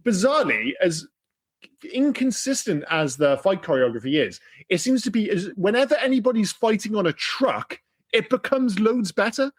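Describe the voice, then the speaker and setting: A man co-hosting a podcast, talking animatedly about a film, swearing freely and acting out lines. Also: high-pitched. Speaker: podcast co-host. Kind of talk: casual film-review chat.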